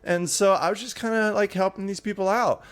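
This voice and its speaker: A woman voicing a bubbly, excitable young woman who squeals with glee. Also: mid-range voice, brisk, voice pushed up, lightly acted. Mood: giddy. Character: giddy bubbly young woman, Ayala's half-sister.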